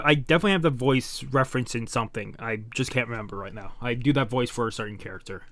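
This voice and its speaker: A man's voice: mid-range voice, fast, few pauses, a bit bright, no room sound. A man giving a casual, rambling manga reaction, reading aloud and correcting himself as he goes.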